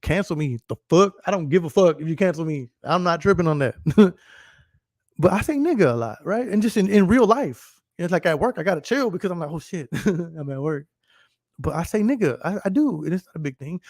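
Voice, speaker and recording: Profane rambling man, slightly high voice. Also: lively intonation, fast talker, a little mellow, dry recording, clean studio sound. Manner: profane, rambling, laughs often, repeats "you know what I'm saying". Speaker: podcast host. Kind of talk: casual podcast rant.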